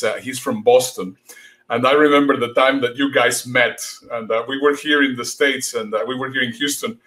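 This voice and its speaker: A man's voice: mid-range voice, fairly bright tone. A man hosting a casual talk, hesitant, with many fillers and non-native grammar. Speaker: host. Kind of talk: casual conversation.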